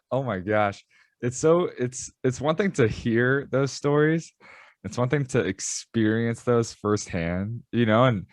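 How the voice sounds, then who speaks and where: A man hosting a podcast, chatting relaxed and thinking aloud in a conversational interview. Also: lowish voice, no echo, clean studio sound. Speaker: podcast host.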